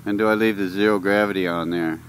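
A man's voice: fairly low pitch, steady tone, quick pace, low-quality recording. A man talking casually while he rides his motorcycle, rambling through stories for his vlog on a helmet mic. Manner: rambling, chatty storytelling. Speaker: motovlogger. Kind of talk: casual ride commentary. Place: outdoors on a moving motorcycle. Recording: wind and road noise.

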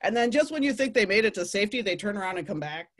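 A woman telling a playful nature story to families, animated and laughing often. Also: mid-range voice, very fast.

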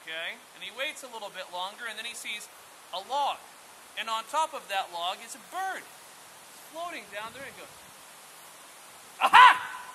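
A man who is a camp instructor, telling a traditional story outdoors in a lively, conversational way. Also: sits high, normal speed, noisy background. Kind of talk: oral storytelling.

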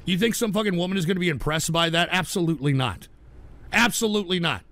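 A man hosting a call-in radio show, ranting aggressively with a lot of swearing and frequent shouting. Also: high-pitched, fast talker, dry recording. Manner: aggressive, profane, shouting rant. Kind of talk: live call-in radio rant.

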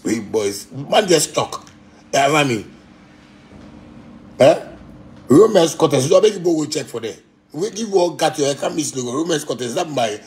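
Ranting Ghanaian man on a livestream. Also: slight background noise. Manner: animated, ranting in pidgin, swings from low mutters to loud outbursts. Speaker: musician on a livestream. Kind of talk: casual livestream rant.

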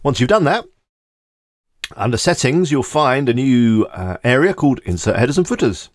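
A man hosting a screen-recorded software tutorial, talking casually and thinking aloud as he clicks through each step. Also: mid-range voice, big pitch swings, normal speed, dry recording, studio quality. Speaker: tutorial host.

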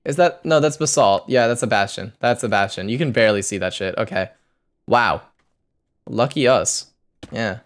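A man's voice: fairly low pitch, moderate pace. A young man streaming a game, muttering a loose running commentary to himself as he plays. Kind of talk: live gameplay commentary.

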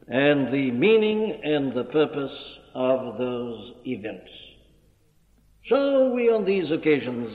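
An older man preaching a formal, emphatic sermon in a church, reading scripture in measured tones. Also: medium pitch. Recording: echoey hall on a tinny old archive recording.

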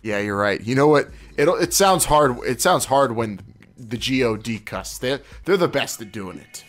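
A man's voice: mid-range voice, expressive, moderate pace, fairly bright tone, soft background music. A man hosting a wrestling podcast, chatting casually in a rambling way, with restarts and laughing asides. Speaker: podcast host. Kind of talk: casual chat.

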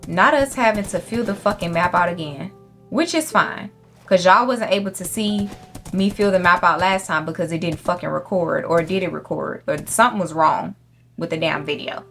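A young woman commentates her gameplay in a brash, profane, chatty way, scolding the animals on screen. Her voice sits a little low for a woman. Soft game music plays faintly underneath. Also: normal speed, gravelly. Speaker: gaming YouTuber.

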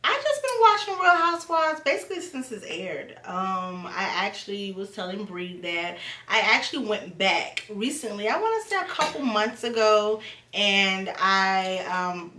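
Woman guest, bright and lively, agreeable, off-mic in an echoey room. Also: medium pitch, far from the mic, a little hiss or hum. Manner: agreeable, quick to laugh. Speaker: guest co-host. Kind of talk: casual recap chat.

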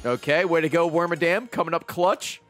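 A man in his thirties commentating live on his gameplay, swearing and reacting loudly and excitably. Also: a little high, normal speed, faint music behind. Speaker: streamer playing a video game.

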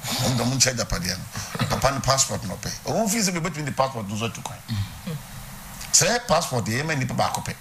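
A man's voice: medium pitch, sing-song, fast talker, gravelly, a bit bright, a little hiss or hum. A man with a Ghanaian accent preaching a sermon, teaching and putting questions to his congregation. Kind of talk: sermon mixing Twi and English. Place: church.

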